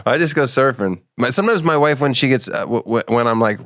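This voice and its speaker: Middle-aged male comic host, deadpan and teasing, recorded dry and close. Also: medium pitch, quick pace, no room sound. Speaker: podcast host. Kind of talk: casual comedic interview.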